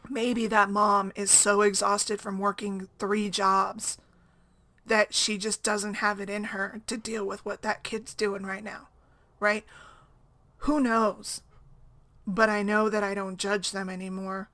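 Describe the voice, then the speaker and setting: A woman's voice: medium pitch, level tone, slow pace, bright, forceful tone. A woman talking casually to camera as a single-mom blogger, rambling and conversational, often tagging on "right?".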